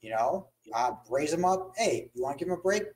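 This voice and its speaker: A man's voice: fairly high pitch, lively intonation, brisk, darkish tone, poor audio. A man co-hosting a casual conversation who chimes in with short agreements and brief interruptions.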